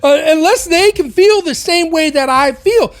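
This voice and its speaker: High-voiced impassioned woman podcast host. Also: moderate pace. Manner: impassioned, full of rhetorical questions. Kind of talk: opinionated podcast monologue.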